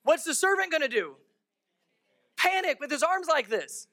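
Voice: high-pitched, sing-song, normal speed, pushed and bright. A pastor giving a sermon in a church, preaching emphatically and acting out the story's characters.

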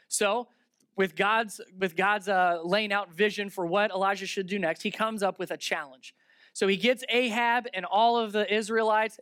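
Animated preacher retelling scripture, dry sound. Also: male voice, sits high, smooth, no room sound. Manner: animated storytelling, shifting from loud sarcasm to hushed reverence; talks aside to the listeners between verses. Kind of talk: sermon, retelling and reading scripture.

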